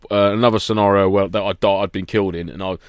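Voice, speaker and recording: Low-voiced man, chatty host. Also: steady tone, fast, clear, resonant tone, dry recording, clean studio sound. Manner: banter-heavy storytelling with swearing and laughs. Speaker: podcast co-host. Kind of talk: casual chat.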